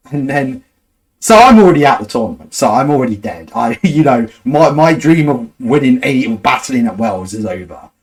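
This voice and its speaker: A young man hosting, chatting casually and rambling through a story, full of "like" and "sort of" and quick laughs. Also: medium pitch, sing-song, low-quality recording. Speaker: host.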